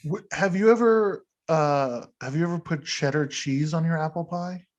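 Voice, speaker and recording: A man's voice: on the high side, moderate pace, a little mellow, muffled recording. A man hosting a podcast in casual chat, rambling and self-deprecating, laughing often. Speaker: podcast host.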